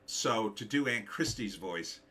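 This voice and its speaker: Slightly hoarse man chatting on a livestream. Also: on the low side, animated, a little slow, pushed and bright. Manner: rambling, thinking aloud with hums and fillers. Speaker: livestream host, author. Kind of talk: casual livestream chat reading comments.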